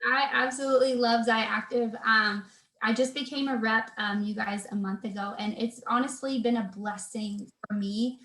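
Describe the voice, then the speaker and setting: A woman in her thirties talks as a guest on a video call, her voice sitting a little high. She sounds earnest and faith-filled, restarting her sentences and filling pauses with "um" and "like." The room around her is echoey. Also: fairly even intonation, a bit bright. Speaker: guest, personal trainer. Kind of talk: casual video interview chat.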